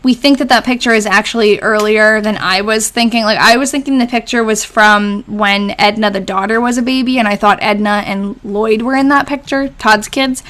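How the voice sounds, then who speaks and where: A woman's voice: mid-range voice, steady tone, normal speed, hardly any pauses, a bit bright. A young woman hosting a casual live stream, chatting with viewers, answering their comments and laughing often. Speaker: live stream host reading old diaries.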